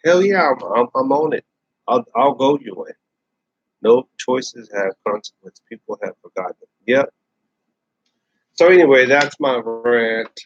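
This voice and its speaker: Speaking unhurriedly in a slightly rough, medium-pitched voice, this male host delivers a blunt, casual rant to camera. He keeps repeating himself and starting phrases over, and the dry, dull lo-fi audio has no room sound.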